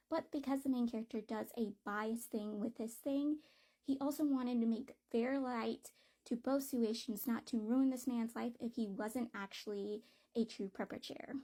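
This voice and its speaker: A woman's voice: fairly high pitch, fairly even intonation, moderate pace, dark tone. A woman giving a casual book review, talking bluntly and with plenty of swearing and exasperation.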